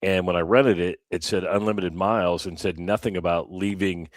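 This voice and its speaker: Radio co-host, male, very low voice, dry studio sound, lively storyteller. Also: moderate pace, no echo. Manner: animated, acts out quoted voices. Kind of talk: casual storytelling on morning radio.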